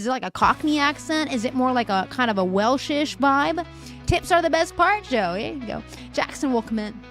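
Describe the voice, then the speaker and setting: A young woman hosts a casual livestream and chats playfully with her viewers, reading their comments aloud as she thinks aloud. Her voice sits fairly high and she laughs often. Faint music plays softly behind her.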